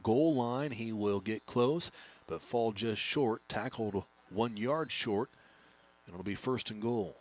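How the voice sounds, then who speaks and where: A man with a low voice calls play-by-play at a high school football game. He keeps a steady, even delivery and picks up speed when a big play breaks. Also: slow pace. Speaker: play-by-play announcer. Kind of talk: play-by-play commentary.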